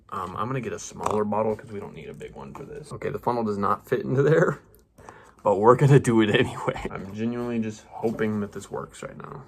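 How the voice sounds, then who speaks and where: A man's voice: on the low side, vocal fry, fairly bright tone, slight background noise. A young man casually talking through a hobby perfume-mixing vlog, rambling and self-mocking with slangy asides.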